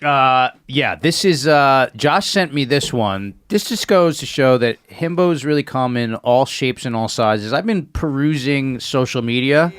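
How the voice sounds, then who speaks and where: Excitable man co-hosting a podcast. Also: mid-range voice, a little slow, few pauses, soft background music. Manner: excitable, swears freely, asks lots of questions. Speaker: podcast co-host. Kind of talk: casual chat.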